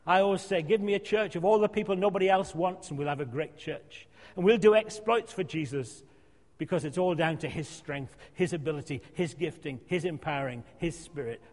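A man preaching a sermon in a church, emphatic and repetitive, sometimes dropping to a soft hush. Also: fairly high pitch, moderate pace. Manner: emphatic, repeats phrases, drops to a soft hush. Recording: long hall reverb.

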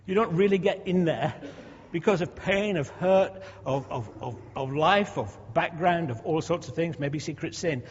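A man's voice: fairly high pitch, normal speed, few pauses, slight background noise. A man in his sixties preaching a sermon in a conversational way, asking rhetorical questions and repeating words as he goes. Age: 60s. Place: church. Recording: dull echoey hall recording.

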